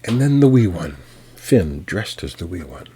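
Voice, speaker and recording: An American man working as a storyteller, telling a folk tale in an unhurried, folksy way with fillers and restarts. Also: low voice, sing-song, mellow, slight background noise. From United States.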